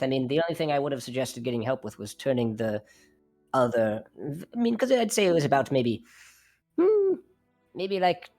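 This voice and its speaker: Give me a man voicing a weary, hesitant dwarf noblewoman with an animated voice. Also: mid-range voice. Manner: hesitant, halting. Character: weary female dwarf noble, would-be ruler.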